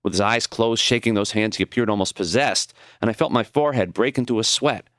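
A man narrating his own audiobook in an expressive, reflective reading. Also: fairly low pitch, a little fast, no room sound, studio quality.

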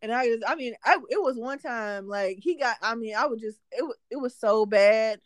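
Woman, casual faith-talk co-host, animated storyteller, higher voice, dry room. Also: normal speed, dry recording. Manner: animated storytelling, restarts, Southern Black vernacular phrasing.

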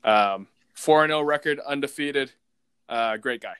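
A man's voice: medium pitch, measured pace, fairly bright tone, clean tone, no echo. A man telling a long casual story, rambling with lots of fillers and the odd swear word. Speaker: podcast host telling stories. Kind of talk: casual chat.

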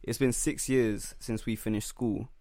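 A man's voice: mid-range voice, steady tone, measured pace, mellow, no room sound, clean studio sound. A young man hosting a podcast, steering the chat and reading out the questions in a casual way. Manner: steers the talk, reads out the questions. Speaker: podcast host.

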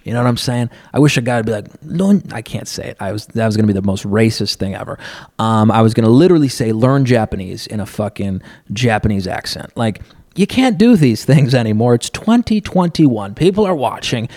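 A man's voice: lowish voice, lively intonation, brisk, a little mellow, dry recording, clean studio sound. Crude, rambling male podcast host. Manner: crude, profane and laughing often. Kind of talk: rambling comedic monologue. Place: seated on a stool at a counter.

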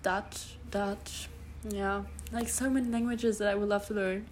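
Her medium-pitched voice holds a steady tone and moves a little slowly, with a faint hiss or hum behind it. She is the same young German podcast host, about 20 and in her early twenties, wandering through a casual solo monologue in accented English, full of fillers and corrections of herself.

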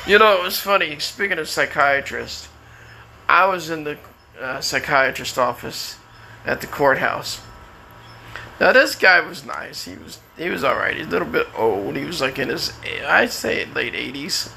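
A man's voice: fairly high pitch, lively intonation, moderate pace, creaky, sharp tone, a little hiss or hum, poor audio. A man talking at home in a rambling personal monologue, laughing at his own jokes. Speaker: vlogger.

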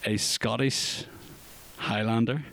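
A man co-hosting a podcast, chatting casually about films in a rambling, jokey, animated way. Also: mid-range voice, slow pace, creaky. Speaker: podcast co-host. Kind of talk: casual film chat.

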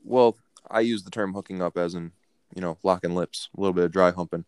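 A man's voice: low voice, steady tone, fairly quick, darkish tone, smooth, no echo. A young man co-hosting a casual podcast, joking crudely and swearing freely. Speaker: podcast co-host.

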